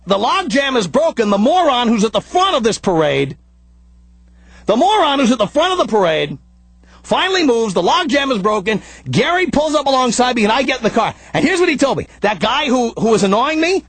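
Ranting high-voiced radio host, a man. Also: brisk, dry recording. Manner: animated, frequently shouting in anger. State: out of breath. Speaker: radio talk show host. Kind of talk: ranting monologue.

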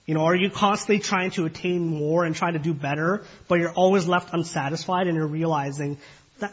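A man with a slightly husky, somewhat high voice preaches an earnest sermon. He talks in a measured way, stops on fillers and keeps putting questions to his listeners. The recording sounds dull and lo-fi. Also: fairly even intonation, fairly bright tone.

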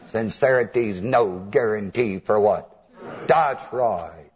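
Male preacher, animated storyteller, lively pitch, long-reverb hall, lo-fi tape. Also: slow pace, husky. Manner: animated storytelling, chuckles, mimics chants. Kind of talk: sermon. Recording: dull old hall recording.

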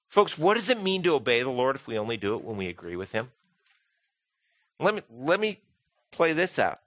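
Animated preacher man, bright voice. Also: a little high, moderate pace, dry recording. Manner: animated, acts out quoted voices, humorous asides. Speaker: pastor. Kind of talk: sermon.

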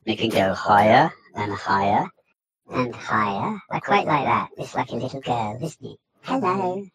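A man speaking through a pitch-shifter voice morpher, playfully showing off a high, girlish, artificial-sounding voice. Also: animated, measured pace, fairly bright tone, husky. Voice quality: artificial, robotic. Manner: playful, demonstrating.

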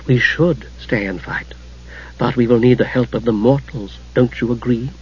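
A scheming dark goddess , as a male audiobook reader puts her on, speaks low and hushed with silky mockery. The voice is husky. The recording sounds muffled and lo-fi. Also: animated, normal speed. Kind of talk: audiobook character reading.

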